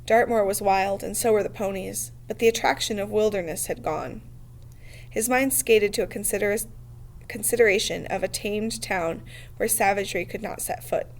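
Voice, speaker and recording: Steady female reader for novel narration, mid-pitched and measured. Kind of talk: reading a novel aloud.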